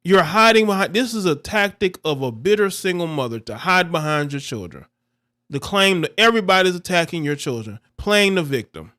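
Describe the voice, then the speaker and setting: Male stream commentator, high bright tone, blunt and repetitive. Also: lively intonation, fairly quick. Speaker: livestream commentator. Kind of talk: reaction commentary.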